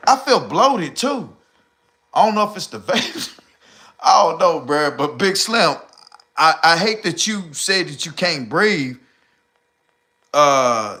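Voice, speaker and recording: A middle-aged man chats loosely through his live stream, slangy and rambling as he answers comments. He sounds short of breath, with a bright, forceful voice sitting a bit high. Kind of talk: casual live stream chat reading comments.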